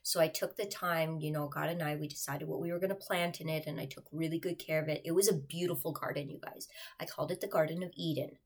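Husky, gravelly woman sharing a heartfelt testimony. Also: deep voice, fairly even intonation, quick pace, few pauses. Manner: earnest and confiding, addressing viewers, drops into whispers. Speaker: churchgoer sharing a faith testimony. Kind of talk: personal testimony to viewers.

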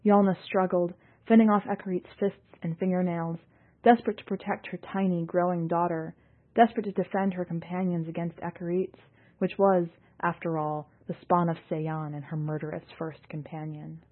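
A woman reading a science fiction story aloud in a steady, measured narration. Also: lowish voice. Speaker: audiobook reader and podcast editor. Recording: tinny phone-like audio.

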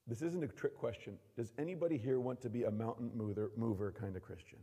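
A man preaching a sermon in a church hall. He acts out quotes and swings from shouting to hushed asides. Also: mid-range voice, animated, a little fast, gravelly, few pauses, slightly rough. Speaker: pastor. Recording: long hall reverb.

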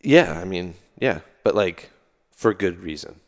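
A man's voice: sits low, expressive, a little slow. A man and army veteran, talking loosely as a guest in a casual interview, full of fillers and restarts. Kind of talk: casual conversational storytelling.

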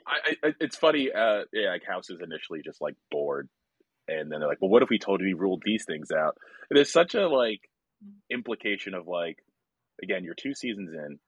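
Husky-voiced animated comedian. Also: male voice, low-pitched, a little fast, no room sound. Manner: animated, laughing, acts out characters' lines. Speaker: comedian guest. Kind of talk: casual comedic chat.

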